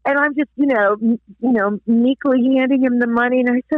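A woman guest telling a faith story in an interview, animated, acting out the people she quotes. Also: a little high, moderate pace, dry recording. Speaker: guest author. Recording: tinny phone line.

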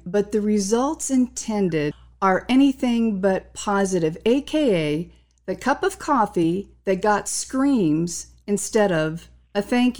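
A woman hosting a faith interview, asking measured, affirming questions. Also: mid-range voice. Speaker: host.

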